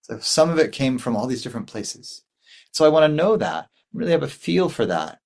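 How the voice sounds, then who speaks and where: A man's voice: medium pitch, big pitch swings, fairly quick, creaky, darkish tone. A man in his forties giving a dharma talk as a Buddhist meditation teacher, rambling and thoughtful, with many fillers and restarts.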